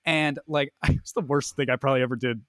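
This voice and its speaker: Bright-voiced young man telling stories. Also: medium pitch, fast talker, no echo. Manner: animated, profane, filler-heavy storytelling. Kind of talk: casual storytelling chat.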